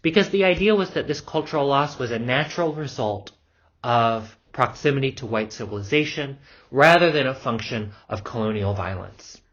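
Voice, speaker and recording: In a dull lo-fi recording, a man with a medium-pitched, fairly bright voice gives an anthropology lecture. His style is loose and casual, full of ums and the odd swear word.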